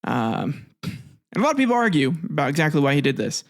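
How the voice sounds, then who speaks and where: Narrating history as a video host, a man speaks offhandedly in a voice on the high side, very animated and brisk. He jokes, throws in asides and some swearing, and restarts words.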